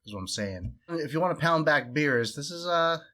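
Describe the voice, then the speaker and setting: Man, young adult, casual chat, bright tone, easygoing. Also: on the high side, lively intonation, moderate pace. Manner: easygoing, chatty. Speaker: beer review co-host.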